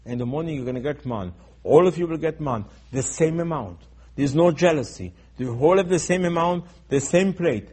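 A man teaching in a sermon style, emphatic and repetitive, acting out dialogue, going from soft asides to loud urgent stresses. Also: fairly high pitch, lively intonation, normal speed, husky. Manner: acts out dialogue in his teaching. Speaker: Torah teacher.

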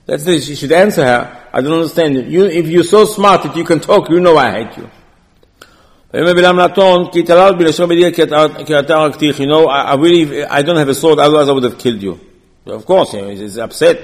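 Man teaching Torah, acts out dialogue, rapid delivery, long hall reverb. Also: a little high, lively intonation. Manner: acts out dialogue, frequent rhetorical questions. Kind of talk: animated Torah class.

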